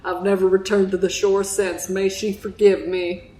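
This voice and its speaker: A woman voicing a haunted old drunk sailor with a put-on Southern accent, telling his tale slowly and solemnly. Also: mid-range voice, level tone, dark tone, close to an everyday voice. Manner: slow, solemn storytelling, breaking into giggles. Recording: roomy echo.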